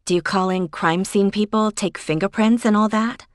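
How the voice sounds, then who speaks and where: A woman voicing a blunt, rattled young woman with sharp, exasperated retorts. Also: mid-range voice, normal speed, dry recording, clean studio sound, pitched above the performer's own voice, natural voice.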